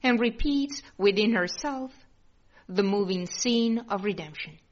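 A woman reading a devotional text aloud in a soft, reverent, measured way. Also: medium pitch. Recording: dull lo-fi recording.

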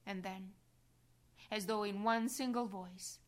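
A woman reading a devotional meditation aloud in a hushed voice that often drops to a whisper. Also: medium pitch, fairly even intonation, slow pace, pauses often. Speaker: reader.

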